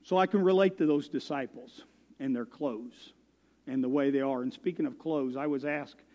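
A man's voice: mid-range voice, moderate pace, a little mellow, big-room sound, highs cut off. A man preaching as a guest speaker, folksy and self-deprecating, telling stories. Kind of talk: sermon. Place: church.

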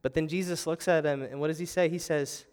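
A man's voice: a little high, fairly even intonation, fairly quick, a little mellow, smooth. A young adult man preaching a sermon as pastor, telling the story with animation and acting out panicked voices. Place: church sanctuary.

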